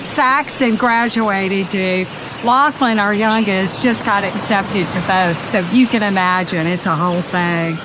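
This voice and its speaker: An actress playing an entitled, wealthy, middle-aged Southern wife with a Southern US accent, drawling slowly. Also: female voice, mid-range voice, noisy background, natural voice. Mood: boastful.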